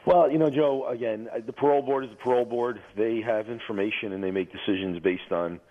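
A man calling in to a radio show as a police officer, answering in a measured, explanatory way over the phone. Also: medium pitch, fairly even intonation. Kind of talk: phone-in interview. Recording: tinny phone line.

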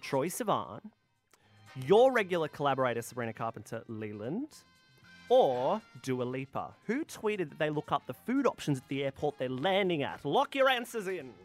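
A woman's voice: low voice, sing-song, normal speed. An Australian woman hosting a radio show, bubbly and giggly, chatting emphatically with a guest over a faint music bed. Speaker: radio host. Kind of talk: upbeat radio chat.

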